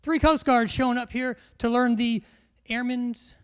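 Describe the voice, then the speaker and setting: A man's voice: very high-pitched, fairly even intonation, unhurried, clean tone. A man, a military instructor giving a live classroom briefing in a large hall, joking and quizzing his audience.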